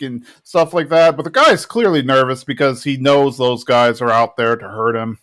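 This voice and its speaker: A man co-hosting a podcast, casually retelling scenes and quoting characters in a relaxed chat. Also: medium pitch, unhurried, smooth. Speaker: podcast co-host. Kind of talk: casual chat recapping a TV episode.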